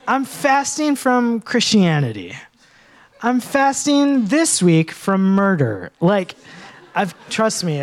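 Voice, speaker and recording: A man preaching a sermon as a pastor in church, joking often and calling on the congregation to respond. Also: high-pitched.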